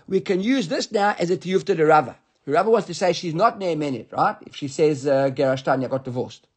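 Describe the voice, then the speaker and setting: Leading a Talmud study class, a man with a fairly high, husky voice reads passages aloud and then unpacks them. He stumbles and repeats himself as he thinks things through.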